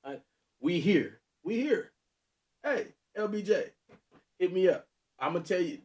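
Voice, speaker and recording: A man's voice: high-pitched, lively intonation, unhurried, darkish tone. A man in his thirties, a podcast co-host, telling a story in casual chat and laughing often, with a sore knee.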